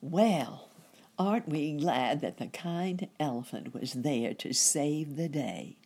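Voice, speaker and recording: A woman storyteller reading a children's story aloud in a gentle, expressive way. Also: low-pitched, slow pace, slightly rough.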